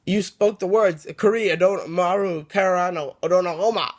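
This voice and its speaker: Evil dummy, male, taunting and mocking, put on by a man retelling a book; fairly high voice. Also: moderate pace, lightly acted. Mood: menacing. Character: sneering evil living ventriloquist dummy, male.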